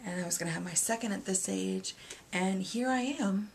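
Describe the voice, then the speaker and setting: A woman in her thirties, a single mom, talking candidly in a confessional vlog, rambling and hesitant, with many pauses and fillers. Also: medium pitch, vocal fry, a little hiss or hum. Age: 30s. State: emotional, near tears at moments. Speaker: vlogger.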